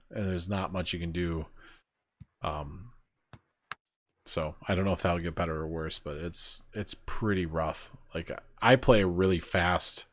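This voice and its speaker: Deep-voiced man in casual podcast chat. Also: no echo. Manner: rambling, filler-heavy storytelling. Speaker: podcast host.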